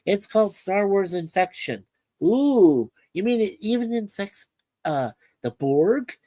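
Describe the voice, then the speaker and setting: A woman's voice: mid-range voice, animated, slow pace, mellow, no echo. A woman co-hosting a livestream, chatting casually and reading viewer comments aloud with frequent filler words. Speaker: livestream co-host.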